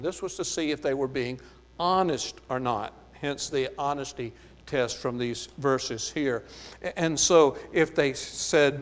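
A man with a light Southern US accent teaching a Bible study sermon. He reads verses aloud and then explains them, with frequent "uh, there" fillers. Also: fairly high pitch. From American South. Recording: long reverb of a hall.

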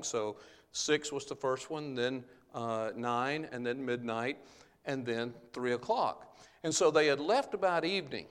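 A man delivers an earnest, explanatory Bible-teaching sermon at a middle pitch. His voice carries a long reverb, as if he is speaking in a large hall. He often pauses on small "uh" fillers as he explains the verses. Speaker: preacher.

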